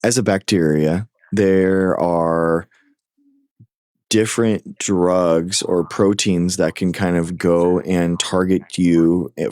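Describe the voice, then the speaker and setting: Slow, deep-voiced streamer man. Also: darkish tone, dry recording, studio quality. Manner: hesitant, halting, many fillers and restarts. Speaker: livestream host. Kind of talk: casual livestream chat and science explanation.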